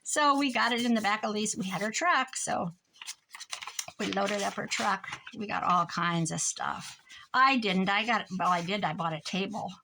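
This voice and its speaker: A middle-aged crafting vlogger with a Midwestern American accent chats casually to her viewers from her craft room, rambling and laughing a lot as she works. Her mid-range voice is bright and forceful. The audio is poor, with a slight hiss or hum.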